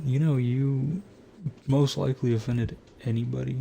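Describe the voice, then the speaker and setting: Nasal, gravelly guy rambling casually. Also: mid-range voice, steady tone, normal speed, dark tone, slight background noise. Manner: rambling, swears a lot, laughs at himself. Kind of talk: casual late-night rambling chat.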